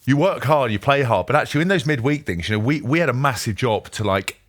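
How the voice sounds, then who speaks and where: Fast-talking man telling rambling stories. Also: mid-range voice. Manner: rambling, animated storytelling with frequent laughter. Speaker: co-host. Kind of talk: casual podcast chat.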